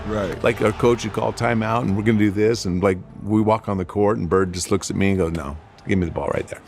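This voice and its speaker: A former pro basketball player recounting a game in a relaxed, casual way. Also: male voice, on the low side, a little fast, vocal fry, faint music behind. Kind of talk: casual storytelling.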